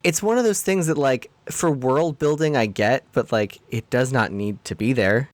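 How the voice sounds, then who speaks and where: A man's voice: medium pitch, normal speed, dry recording. Wry man recapping a film, dry sound. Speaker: podcast co-host. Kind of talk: casual movie discussion.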